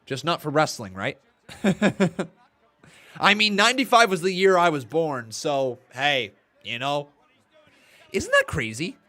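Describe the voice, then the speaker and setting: A man's voice: a little high, very animated, moderate pace, bright, forceful tone. A man in his twenties chatting on a live stream, reading chat aloud and calling play-by-play, a little tired and yawning. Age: 20s. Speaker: watch-along streamer.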